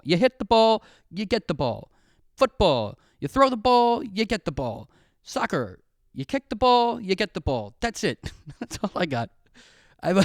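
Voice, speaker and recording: A man's voice: on the high side, no room sound, clean studio sound. A man hosting a casual solo podcast, telling rambling, profane, self-mocking stories. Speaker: podcast host.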